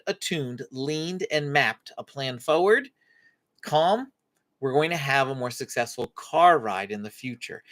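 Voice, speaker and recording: A man hosting a live-stream parenting Q&A, teaching with faith-based advice and acting out parent and child lines. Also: fairly high pitch. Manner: animated, acts out parent and child lines in dialogue. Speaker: parenting coach and host.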